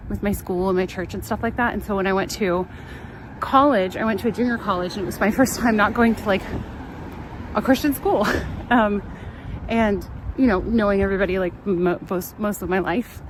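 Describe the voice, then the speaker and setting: A woman's voice: mid-range voice, normal speed, long pauses. A young woman from California chatting and telling stories on a live travel stream while walking down a street. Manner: chatty, storytelling, laughs often, reads out chat. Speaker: travel vlogger. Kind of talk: casual live-stream chat. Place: outdoors on a town street. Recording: outdoor street noise. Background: traffic and street noise.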